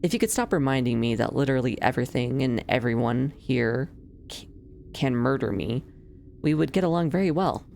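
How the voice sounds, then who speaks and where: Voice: medium pitch, animated, normal speed, creaky, a little mellow, slight background noise. A streamer reading the lines of a sardonic young noblewoman villainess from a game, in dry, formal phrasing. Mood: wry. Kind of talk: reading game dialogue aloud.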